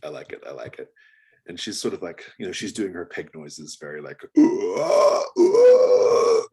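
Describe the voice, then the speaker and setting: A man narrating a tabletop role-playing game as game master, relaxed and chatty, laughing often and using lots of fillers. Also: low-pitched, a little fast, husky.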